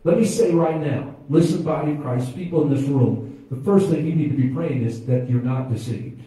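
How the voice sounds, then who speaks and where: High-voiced preacher in an echoey church. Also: male voice, moderate pace, recorded from a distance. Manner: preaching with call-and-response to the congregation; swings from quiet asides to loud, high exclamations. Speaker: pastor. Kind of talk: sermon. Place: church sanctuary.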